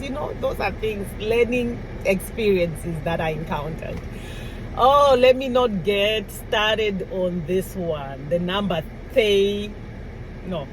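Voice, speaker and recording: A woman's voice: fairly high pitch, very animated, slow pace, pauses often, a little hiss or hum, rough recording. A woman vlogger telling stories about learning to speak the way people do in her new country, acting out little dialogues and laughing as she goes. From outside the US. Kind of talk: casual storytelling to camera.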